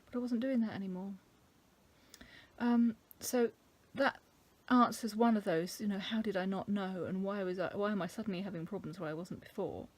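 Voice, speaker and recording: A middle-aged woman from England talking casually to camera, thoughtful and halting, with many ums. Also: mid-range voice, fairly even intonation. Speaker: vlogger. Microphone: camera mic.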